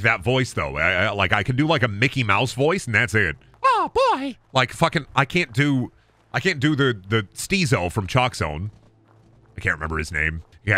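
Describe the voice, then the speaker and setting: Lively, rambling male game streamer. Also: medium pitch, no room sound. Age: 30s. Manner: rambling, profane, jokey. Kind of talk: casual gaming commentary.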